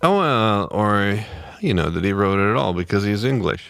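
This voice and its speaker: Man, book club co-host, low gravelly voice, slow, dry close sound. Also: sing-song, fairly bright tone, no echo. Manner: unhurried, with fillers. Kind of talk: casual chat and reading aloud.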